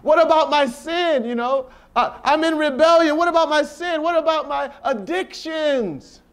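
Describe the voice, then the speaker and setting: A man's voice: very high voice, normal speed, fairly bright tone. A man leading a Bible study at a retreat, preaching informally with rhetorical questions and playful asides.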